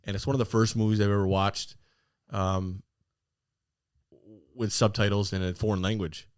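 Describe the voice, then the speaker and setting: A man's voice: lowish voice, flat delivery, normal speed, clean tone, no room sound, studio quality. A man co-hosting a podcast, telling stories animatedly and laughing often. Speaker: podcast co-host. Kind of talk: casual chat.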